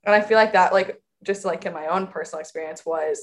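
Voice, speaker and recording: A woman's voice: fairly low pitch, fast. A young woman co-hosting a podcast, speaking earnestly and chattily with many fillers. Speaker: podcast co-host. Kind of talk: casual podcast conversation.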